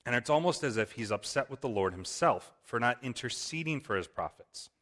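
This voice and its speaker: A man's voice: mid-range voice, lively intonation, fairly quick, fairly bright tone. A man reading Bible verses aloud and explaining them, often checking in with "right?". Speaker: Bible teacher. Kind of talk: Bible study teaching.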